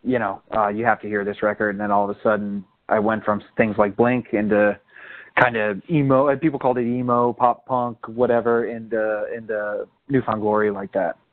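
A man's voice: lowish voice, normal speed. A man from South Florida with a South Florida accent, chatting casually about bands he grew up seeing, laughing often. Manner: relaxed storyteller, laughs often. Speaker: podcast co-host. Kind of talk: casual chat about music. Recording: tinny phone-like line.

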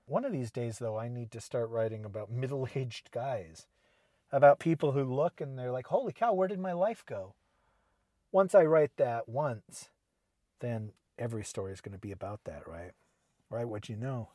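A man's voice: medium pitch, moderate pace, warm tone, no echo. Rambling middle-aged man, dry sound. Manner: rambling, chatty, self-deprecating asides. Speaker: podcast host and fiction writer. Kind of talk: casual solo monologue. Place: parked car.

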